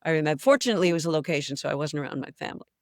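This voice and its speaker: Speaking rapid-fire in a voice that sits low, an older New England actress guests on a casual interview. She's an animated storyteller who laughs frequently, heard in a dry, studio-quality recording.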